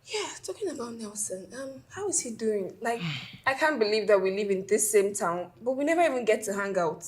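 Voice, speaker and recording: A woman's voice: a little high, animated, a little fast, lightly acted. A woman playing a flirty, dramatic woman. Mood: playful. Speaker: friend.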